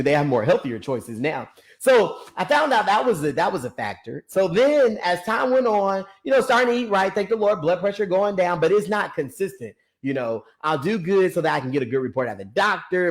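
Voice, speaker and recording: A young man with a preacher's manner, talking about fitness, calling out to his listeners and laughing often. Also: on the high side. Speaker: ministry founder and personal trainer. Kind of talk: lively preaching-style talk to an online audience.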